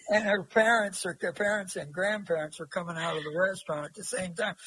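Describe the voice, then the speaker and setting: Folksy man, interview guest; high, husky voice, dry close sound. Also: quick pace, hardly any pauses, fairly bright tone, no echo, low-quality recording. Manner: rambling, folksy, many fillers. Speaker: interview guest, long-distance walker. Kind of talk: casual storytelling.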